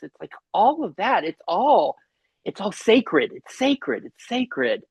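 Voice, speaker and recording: A man hosting a casual spiritual conversation over a video call, earnest and halting, with many restarts. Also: sits high, sing-song, husky, no room sound, dull audio. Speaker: host.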